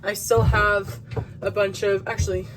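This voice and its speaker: A woman's voice: mid-range voice, little pitch movement, measured pace, noisy background. A woman vlogging in a casual, candid chat, talking straight to her viewers with fillers and the odd swear.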